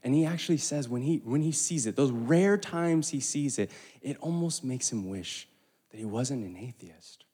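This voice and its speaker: Preacher, male, mid pitch, lively sermon with asides, big reverberant church hall. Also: moderate pace, husky. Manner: animated, with stumbles and asides. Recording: long reverb of a large hall.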